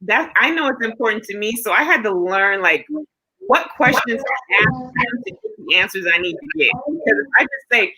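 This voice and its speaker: A woman hosting a casual chat, frank and lively, reading out comments and giving her own views. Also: a little high, normal speed, a little hiss or hum, rough recording.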